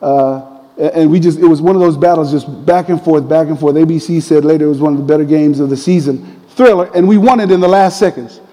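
A man preaching a sermon, telling a personal story in a conversational, animated way. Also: a little high, fast, long reverb tail, low-quality recording. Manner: conversational, animated retelling with quoted voices.

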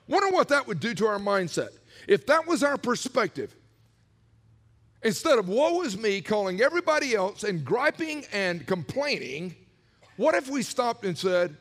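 Animated preaching man in a hall. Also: high-pitched, unhurried. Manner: animated preaching, acting out prayers in quoted voices. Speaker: pastor. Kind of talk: sermon.

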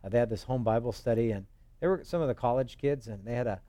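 Fast and warm, a medium-pitched male voice on a dry recording preaches an expository sermon. The pastor tells stories loosely with joking asides and acts out quoted voices.

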